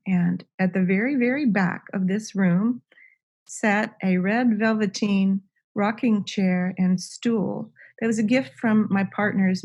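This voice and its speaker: A woman's voice: medium pitch, a little mellow. A middle-aged woman telling a personal story as a podcast guest, talking in a conversational way with many ums and restarts. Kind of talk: casual storytelling.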